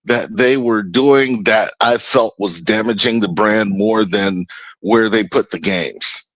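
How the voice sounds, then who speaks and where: Hesitant, slow-talking male caller. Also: fairly low pitch, a bit bright, no room sound, poor audio. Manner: hesitant, halting. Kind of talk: call-in on a livestream.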